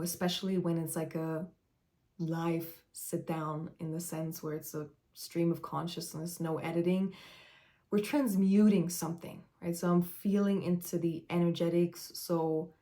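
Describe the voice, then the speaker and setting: Slow, earnest woman spiritual coach. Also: on the low side, warm tone. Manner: earnest, searching for words, frequent "like" fillers. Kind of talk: unedited stream-of-consciousness live talk.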